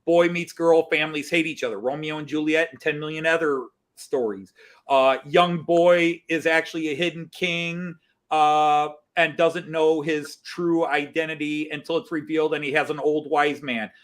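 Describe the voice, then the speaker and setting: A man hosting a casual group chat, talking in a rambling, animated way with many restarts. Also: fairly high pitch, moderate pace. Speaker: host.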